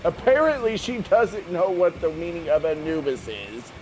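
A man's voice: on the high side, lively intonation, moderate pace, a crowd in the background, low-quality recording. A man giving jumpy, jokey commentary while playing a game, often talking to himself. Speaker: gamer. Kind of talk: let's play commentary.

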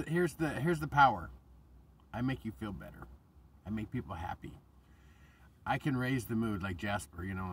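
A man's voice: medium pitch, fairly bright tone, far from the mic, slight background noise. A man vlogging in a casual, rambling monologue, passionate and profane, often restarting his sentences.

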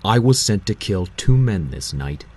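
A man's voice: deep voice, big pitch swings, a little mellow, breathy edge, heavily acted. Hades, a man doing a cold death god. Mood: menacing. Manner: hissing, slow and threatening. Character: menacing ancient male god of death, cold. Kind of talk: audiobook character voice.

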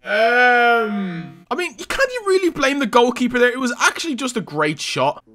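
A young man giving loud, boastful live commentary over his own gameplay, often laughing and shouting. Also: extremely high pitch, very animated, moderate pace, music in the background. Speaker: gaming youtuber.

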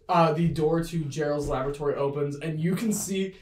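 A woman narrating a tabletop role-playing game as game master, in a relaxed way with lots of fillers. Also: low voice, brisk. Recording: echoey room.

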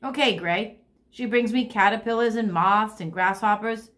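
A woman's voice: medium pitch, normal speed, fairly bright tone, close to an everyday voice. A woman voicing a bossy, hungry young female bird who can't fly, demanding and pouting.

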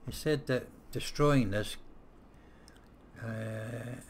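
A man's voice: medium pitch, extremely slow. A man hosting a casual let's-play, thinking aloud as he plays, with frequent hesitations and the odd blunt swear word. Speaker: gameplay host.

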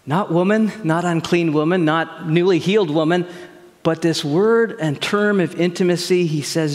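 A man preaching a sermon as a pastor, telling a personal story in a conversational, animated way with quoted dialogue. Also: sits high, normal speed. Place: church sanctuary. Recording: long hall reverb.

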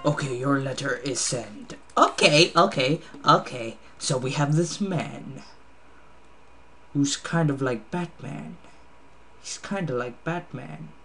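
A man's voice: mid-range voice, slow pace, fairly bright tone. A tired man casually commenting while playing an online drawing game, muttering guesses and swearing at himself. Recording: noisy home recording with ticking.

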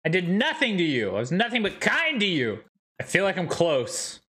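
An excitable male streamer giving running commentary as he plays, his voice leaping up and down in pitch. His tone is bright and forward, and he breaks into yelps and shouts whenever something goes wrong. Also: moderate pace, husky. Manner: excitable, talks to himself and chat, yelps and shouts at enemies. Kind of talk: live gameplay commentary.

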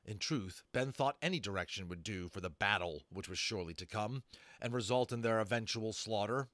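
A man narrating a fantasy novel aloud, expressive, adding brief asides to listeners. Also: on the low side, a little fast, no room sound. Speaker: audiobook narrator. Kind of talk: dramatic storybook reading.

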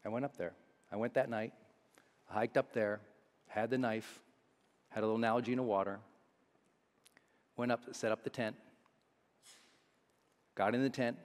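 A man's voice: fairly low pitch, fairly even intonation, normal speed, pauses often. A motivational speaker, a man, telling a personal story to a live audience in an earnest, confessional way. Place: large seminar hall. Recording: long hall reverb.

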